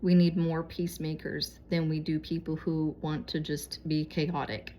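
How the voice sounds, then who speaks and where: Brief: woman vlogger, lower-pitched voice, earnest conversational advice to viewers. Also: level tone, unhurried, mellow, slight background noise. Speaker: vlogger giving moral advice. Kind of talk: casual heartfelt exhortation to viewers.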